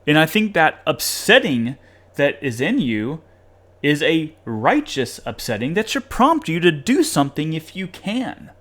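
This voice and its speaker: A man hosting a podcast, reading passages aloud and commenting in an animated, sarcastic way with occasional laughs. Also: fairly high pitch, unhurried. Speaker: podcast host reviewing a study article.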